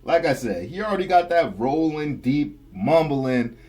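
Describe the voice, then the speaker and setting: A young man with a husky, slightly higher voice talks through a reaction video. His pitch swings widely as he laughs and jokes back at the clip. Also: very animated, unhurried, a little mellow. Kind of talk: casual reaction commentary.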